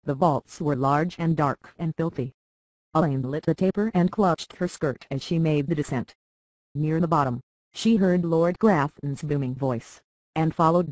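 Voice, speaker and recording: A narrator reading a fantasy novel with steady, brisk storytelling. The sound is dry and close-miked, with an even middle pitch. Nothing else is heard behind the voice. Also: no room sound.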